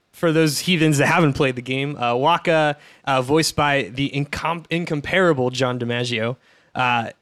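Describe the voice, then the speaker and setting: A man co-hosting a comedy podcast, chatting casually with wry, quick asides. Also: on the high side, a bit bright. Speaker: podcast co-host.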